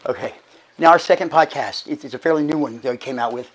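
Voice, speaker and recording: A middle-aged archbishop gives casual church announcements in a church sanctuary, his mid-range voice hoarse and short of breath. He's chatty and folksy, with halting restarts, and the recording is rough.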